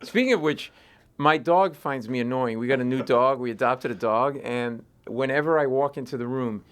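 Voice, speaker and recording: A man, a comedian, telling animated stories in an interview and acting out voices in his anecdotes. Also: mid-range voice, normal speed, clean tone. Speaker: comedian guest. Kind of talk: storytelling interview chat.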